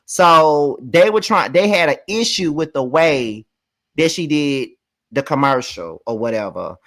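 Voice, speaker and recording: A live review host from Mississippi with a Southern accent, talking bluntly with lots of swearing and drawn-out words. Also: mid-range voice, expressive, fairly bright tone. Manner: blunt, profane, drawls words. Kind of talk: casual live commentary.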